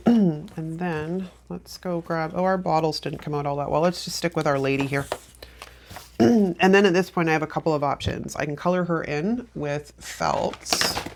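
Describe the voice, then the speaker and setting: A woman's voice: low voice, fairly even intonation, a little slow, vocal fry, a little hiss or hum. A woman hosting a planner channel, talking through a craft tutorial in a chatty, rambling, self-deprecating way. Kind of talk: casual craft tutorial chat.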